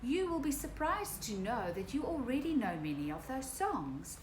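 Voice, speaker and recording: A woman's voice: high-pitched, big pitch swings, moderate pace. A woman teaching a remote morning circle to small children, singing and talking playfully in a singsong manner. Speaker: preschool teacher. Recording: echoey room with faint hiss.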